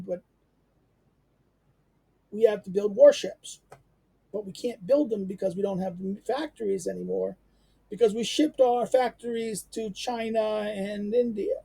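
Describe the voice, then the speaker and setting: A man's voice: sits high, lively intonation, unhurried, gravelly, long pauses, dark tone, breathy edge, dry recording. A man giving an unscripted lecture, rambling and emphatic, with many fillers and restarts.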